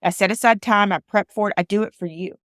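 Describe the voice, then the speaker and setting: A woman's voice: mid-range voice, steady tone, quick pace, fairly bright tone, no room sound, clean studio sound. A woman with a Southern US accent hosting a podcast, talking in an earnest, emotional way that sometimes sounds like a preacher's appeal. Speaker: podcast host. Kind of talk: heartfelt podcast monologue.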